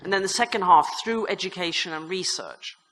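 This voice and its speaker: A woman who is a nun and university vice rector speaks at a conference in a bright, clear voice. She talks informally, with self-deprecating asides and many restarts. Her words carry a long reverb from a large crypt hall. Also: fairly low pitch, brisk. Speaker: religious sister and university vice rector giving a conference talk.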